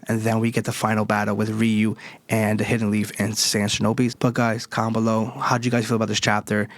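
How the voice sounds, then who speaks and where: A man hosting a casual manga chapter review, excitable and slangy with hype outbursts. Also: on the low side, no echo. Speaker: anime reviewer, channel host.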